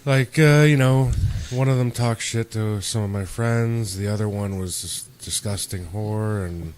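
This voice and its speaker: A man's voice: on the low side, a little slow, darkish tone. A young man hosting a podcast, rambling through a story in casual chat and acting out quoted exchanges. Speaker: podcast host.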